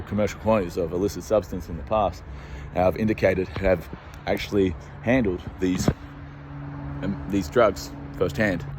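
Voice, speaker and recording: A deep-voiced Australian man talks into his phone while pacing a city street, rambling and agitated with constant swearing. He sounds scared and jittery, with faint traffic behind him. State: scared and on edge. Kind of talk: rambling monologue to camera.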